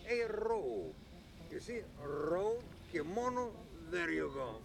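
A man's voice: fairly high pitch, sing-song, takes it slowly, vocal fry, exaggerated voice. An actor playing a proud middle-aged immigrant father, lecturing in broken English. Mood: boastful. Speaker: film character.

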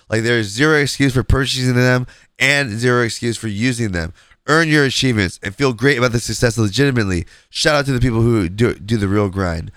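A man's voice: lowish voice, fairly bright tone, smooth, no room sound, studio quality. Stuffy-nosed male podcast host ranting. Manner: blunt, opinionated ranting. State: stuffy nasal voice from a cold. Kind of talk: casual gaming podcast commentary.

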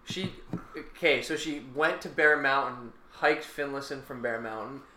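A man's voice: mid-range voice, unhurried, sharp tone. A man co-hosting a podcast in casual chat, chatty and joking, swearing casually. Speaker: podcast co-host. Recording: roomy sound with faint background noise.

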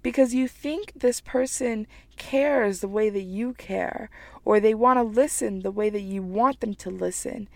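Woman talking from the heart, kinda gravelly, dry sound, repeats herself for emphasis, a bit teary. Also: on the high side, no echo. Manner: earnest, emphatic, repeats phrases. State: getting emotional, teary. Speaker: writer sharing personal reflections. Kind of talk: personal motivational monologue.

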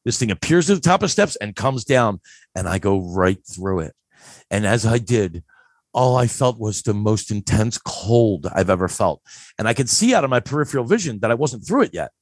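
Animated storyteller man in his fifties. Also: lowish voice, moderate pace, dry recording, clean studio sound. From Philadelphia. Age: 50s. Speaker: guest. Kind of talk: casual storytelling.

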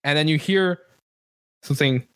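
A man narrating a tabletop game as game master, relaxed and rambling, with lots of fillers and quick laughs. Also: fairly high pitch, smooth, dry recording.

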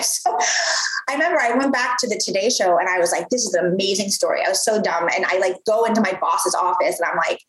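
A woman in her thirties telling a story from her career in a casual, animated way, full of fillers and acted-out quotes. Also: medium pitch, moderate pace. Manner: animated, lots of "like", acts out quoted voices. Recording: roomy echo.

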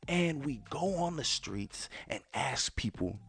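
A thirtysomething man hosts a podcast in an animated, medium-pitched voice with vocal fry, speaking at a slow pace. His delivery is casual and emphatic, full of repeated phrases for effect and frequent nods to "ladies and gentlemen."

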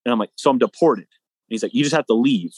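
A young man tells a story in a loose, chatty way, full of "like"s and acted-out quotes. He sounds close and dry, with no room around him. His pitch sits in the middle. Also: quick pace, breathy edge, no echo. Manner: animated, acts out both sides of dialogue, many fillers. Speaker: guest, hybrid athlete. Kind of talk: casual storytelling.

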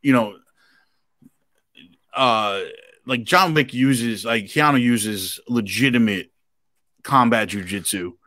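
A man's voice: mid-range voice, slow pace, pauses often, sharp tone, no echo, studio quality. A man co-hosting a podcast, chatting casually and animatedly about action movies, swearing now and then. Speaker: podcast co-host.

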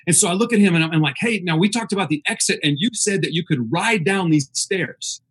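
A man's voice: high-pitched, a little fast, breathy edge. A man telling a funny story in a casual chat, acting out the voices of others and laughing as he goes. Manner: animated, acts out the voices of others.

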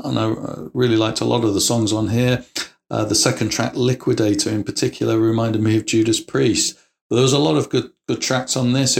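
An English man giving a casual album review as a guest, speaking in a measured way with hesitations and restarts. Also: mid-range voice, vocal fry.

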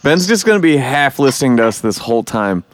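A man's voice: medium pitch, big pitch swings, brisk, a little hiss or hum. A man hosting a casual podcast chat, loose and swearing, acting out quotes. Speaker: podcast host.

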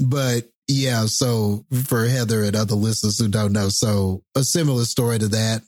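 A man's voice: lowish voice, steady tone, normal speed, a little mellow, dry recording. A laid-back man telling a funny story in a casual podcast chat, hesitant and laughing as he goes. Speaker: podcast co-host.

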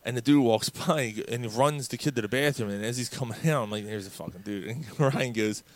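A man's voice: medium pitch, brisk. A man casually telling a profane story as co-host, acting out what others said along the way. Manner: animated storyteller, acts out quotes, profane. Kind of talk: casual crude bar chat.

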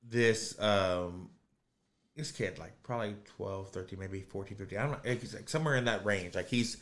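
A man hosting a podcast with a low voice, telling a long story in loose, rambling chat. He swears freely and leans on fillers and restarts. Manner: rambling, crude, lots of fillers. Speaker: podcast host.

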